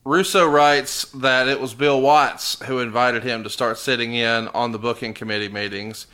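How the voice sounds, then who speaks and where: A man's voice: medium pitch, steady tone, normal speed, bright, forceful tone. A man hosting a podcast who reads out claims from a book and asks about them with open disbelief. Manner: incredulous questioner reading claims aloud. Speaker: podcast host and interviewer. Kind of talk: casual podcast interview.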